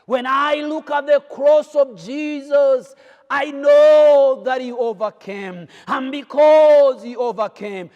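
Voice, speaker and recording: A man preaching a sermon, fervent, swinging between shouted lines and quiet ones. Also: very high-pitched, slow pace, dull audio. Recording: long hall reverb.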